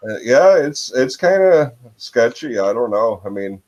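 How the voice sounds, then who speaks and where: A man's voice: mid-range voice, very animated, a little slow, darkish tone, lo-fi sound. A man from Michigan hosting a casual chat over a video call, musing and hesitant, often trailing off with "I don't know.".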